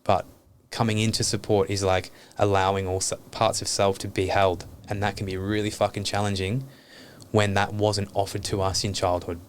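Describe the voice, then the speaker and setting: A man's voice: on the low side, level tone, moderate pace, slight background noise. A man talking openly and earnestly as a podcast guest, reflecting on his life and swearing casually.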